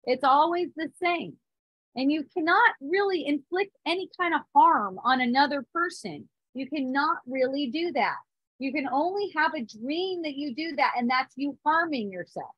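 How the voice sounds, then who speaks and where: Speaking earnestly as a spiritual teacher, this woman in her thirties often checks in with listeners and restarts herself in small ways. Her high, expressive voice moves at a normal speed, captured on a phone or device mic with no room sound and the highs cut off.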